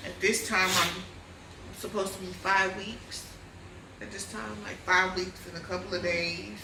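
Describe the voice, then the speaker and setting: A woman vlogger telling a personal story in a lively casual way, often calling her viewers y'all. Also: mid-range voice, a little slow, echoey room, distant mic, background noise. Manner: animated, addresses viewers as y'all.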